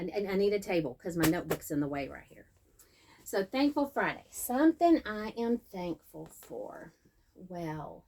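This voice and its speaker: Slow-talking chatty woman. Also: lowish voice, mellow. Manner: chatty, rambling, self-deprecating. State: out of breath. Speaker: host. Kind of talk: casual vlog chat. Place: seated at home.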